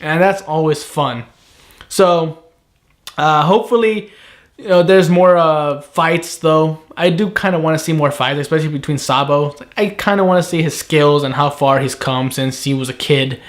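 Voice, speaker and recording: High-voiced man rambling an anime review. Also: normal speed. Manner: rambling, profane, animated. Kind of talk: casual episode review.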